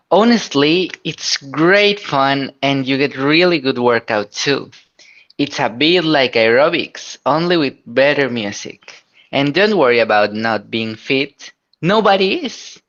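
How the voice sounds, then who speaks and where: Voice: mid-range voice, fairly bright tone. Student reading a dialogue, muffled audio. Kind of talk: reading practice dialogue in class.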